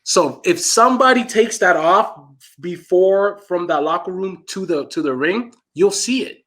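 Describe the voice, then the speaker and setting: A man's voice: sits high, lively intonation, a little slow, a bit bright. A man co-hosting a casual combat-sports podcast, explaining things in a conversational way with plenty of fillers. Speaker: co-host.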